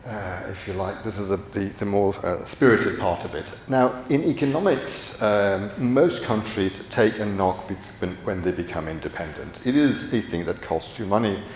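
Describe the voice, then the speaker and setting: Deep-voiced man lecturing in an echoey hall. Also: normal speed, few pauses, a little mellow, slight background noise. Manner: rambling, many restarts and fillers. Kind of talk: conference talk. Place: conference hall.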